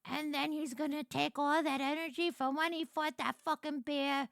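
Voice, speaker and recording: Giggly woman streamer, high lively voice, gushing casual chat, dry close mic. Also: normal speed, vocal fry, dry recording.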